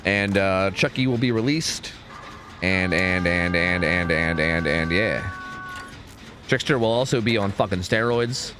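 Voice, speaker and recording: A man streaming a game, chatting excitedly and swearing as he talks to his teammates and viewers. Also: low voice, a little slow, music in the background. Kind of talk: live gameplay commentary.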